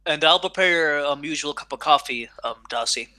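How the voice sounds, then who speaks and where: Male game master, very bright tone, easygoing narration. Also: a little high, fairly quick.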